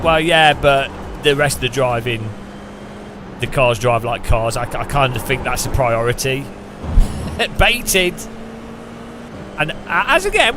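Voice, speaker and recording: A man's voice: mid-range voice, noisy background. Joking British man streaming sim racing. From United Kingdom. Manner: rambling and jokey, with frequent restarts. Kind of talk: casual chat while sim racing.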